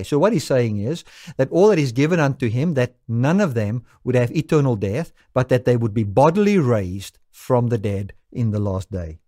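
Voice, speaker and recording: Lively, emphatic male preacher. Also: medium pitch, normal speed. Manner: emphatic, rising and falling with scripture quotes. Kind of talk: sermon.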